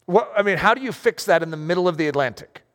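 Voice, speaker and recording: Man, preacher, high pitch, conversational sermon, reverberant hall. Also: fast talker. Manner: conversational, animated, self-deprecating asides. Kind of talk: sermon with story reading.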